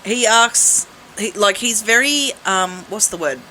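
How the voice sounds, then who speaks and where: A woman's voice: medium pitch, animated, measured pace, pushed and bright, a little hiss or hum, rough recording. An Australian woman co-hosting a casual radio podcast chat, telling stories about her two young sons with frequent laughs and restarts. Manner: chatty storyteller, frequent restarts, laughs often. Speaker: radio co-host; mother of two boys.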